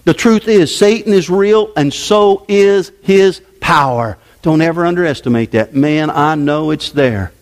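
A man preaching a sermon as pastor, emphatic and forceful, his delivery sweeping up and down. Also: fairly high pitch, a little slow, hardly any pauses. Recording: long hall reverb.

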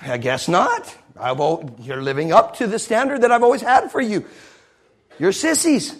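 A preacher doing a brash, excited young shepherd boy. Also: sits high, normal speed, full character voice. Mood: mocking. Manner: loud, boyish, mocking.

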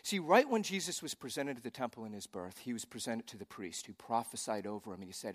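A man's voice: medium pitch, sing-song, fast, hardly any pauses, long reverb tail. A man pastor preaching a sermon in a conversational way, with joking asides.

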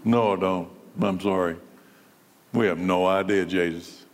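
Preacher guy doing a low, mumbly confused disciple, sheepish, big echoey hall. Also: fairly even intonation, a little slow. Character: bewildered adult male disciple, confused and apologetic.

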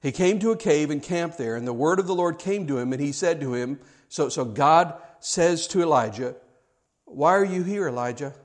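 A man's voice: a little high, animated, moderate pace, hardly any pauses. A man preaching a sermon, reading scripture aloud and explaining it with conversational asides and repeated words.

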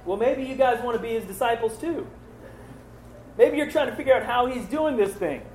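An exasperated, snarky young man who used to be blind, as a male Bible teacher acts him out, pitched noticeably higher than the teacher's own voice and pressing his point hard. The sound is echoey, with faint ambience underneath. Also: a little fast, darkish tone, a little hiss or hum.

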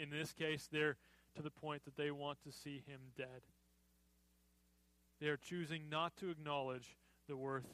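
A man preaches with a high, bright, ringing voice. He talks to the congregation in a loose, conversational way and slips into animated voices to act out the people he describes. The sound is close and dry, with no room echo. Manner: conversational preaching, acts out crowd reactions. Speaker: pastor. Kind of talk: sermon.

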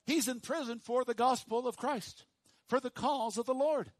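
A pastor preaching a sermon to his congregation, dropping to hushed, slow emphasis and rising to loud, high calls for the room to repeat after him. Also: dry recording. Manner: swings from hushed low emphasis to loud high call-and-response.

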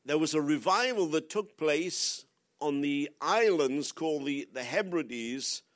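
A man's voice: fairly high pitch, a bit bright. An older man preaching a sermon as a guest speaker, pressing his listeners with repeated rhetorical questions.

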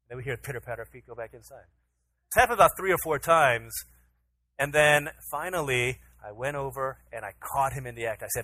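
A man in his thirties, a pastor, telling a lively family story in a sermon and acting out his side of it. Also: mid-range voice, fast, rough recording. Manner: storytelling, acts out his own pleading voice to his toddler.

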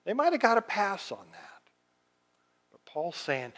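A man preaching a sermon as pastor, reading scripture slowly and swinging from loud emphatic lines to hushed ones. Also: high voice, wildly swooping pitch.

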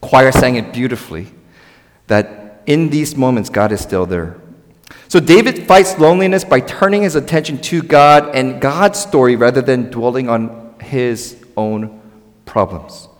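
A man delivers a sermon in a conversational, animated way, often asking the congregation to say words back to him. His voice sits at an ordinary pitch for a man. A long church reverb trails behind each phrase. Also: unhurried. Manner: animated, conversational preaching with audience call-and-response. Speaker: pastor. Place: church sanctuary.

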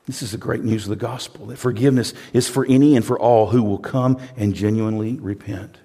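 A man preaching a sermon as pastor, dropping to hushed tones and then building to loud, emphatic, repeated phrases. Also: fairly low pitch, fairly even intonation, brisk, hardly any pauses, breathy edge.

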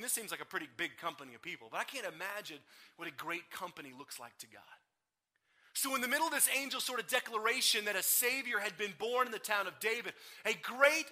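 A man preaching a sermon as pastor, retelling scripture stories with animated, acted-out quotes. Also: sits high. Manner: animated storytelling, acts out quoted lines.

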